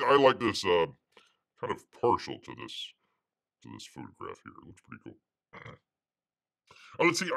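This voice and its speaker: A man hosting a casual livestream, rambling and halting as he calls himself by a nickname in the third person. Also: medium pitch, gravelly, fairly bright tone. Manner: halting, full of fillers and restarts. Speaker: livestream host.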